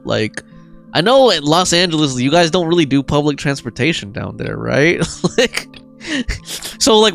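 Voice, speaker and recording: A young man chatting casually on a game live stream, reading out chat messages and joking with viewers. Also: medium pitch. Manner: chatty, reads chat aloud and jokes around.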